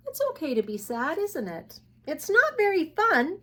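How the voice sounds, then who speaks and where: A woman's voice: high-pitched, sing-song, moderate pace, few pauses, pushed and bright, slight background noise. A woman teaching preschoolers and reading them a picture book aloud, in a coaxing, sing-song way that keeps asking the child questions. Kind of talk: read-aloud for young children.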